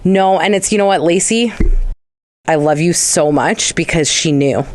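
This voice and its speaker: A woman's voice: fairly low pitch, unhurried, no echo. A young adult woman, co-hosting a casual podcast chat, rambling through stories and swearing freely. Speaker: podcast co-host.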